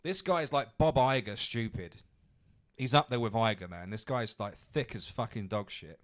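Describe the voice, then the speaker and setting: A man's voice: medium pitch, moderate pace. A man hosting a podcast, ranting angrily with lots of swearing. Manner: angry, profane ranting. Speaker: podcast host. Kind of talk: ranting commentary.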